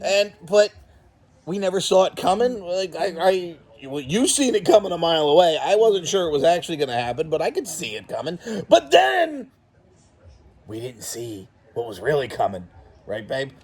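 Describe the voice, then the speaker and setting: A man hosting a casual reaction chat, excitable and profane, often laughing and breaking into shouts. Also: on the high side, moderate pace. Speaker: host of a toy and wrestling channel.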